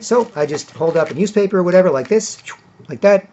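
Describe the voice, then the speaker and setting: Heard on a dull lo-fi recording, a male vlogger with a high, mellow, expressive voice speaks a little fast. He rambles casually through a long story, tacking "right?" and "whatever" onto his sentences, and impersonates others in a raised, mocking voice.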